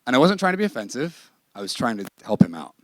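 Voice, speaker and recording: Man, ministry class teacher, conversational sermon, emphatic, candid, mid-pitched voice, dry sound. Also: big pitch swings, fast talker, a bit bright, no echo. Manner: emphatic and candid, with bursts of laughter.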